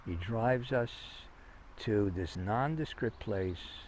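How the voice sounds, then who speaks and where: Interview guest, male, unhurried raconteur, lots of restarts, faint room hiss behind. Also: on the low side, a little mellow. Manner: rambling anecdotes with many restarts and fillers. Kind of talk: conversational storytelling.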